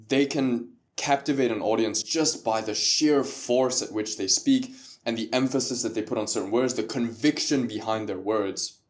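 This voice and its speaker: A man's voice: medium pitch, a little mellow. A man talking as a podcast guest, explaining ideas in a casual, emphatic way. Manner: explanatory, stresses words to make a point.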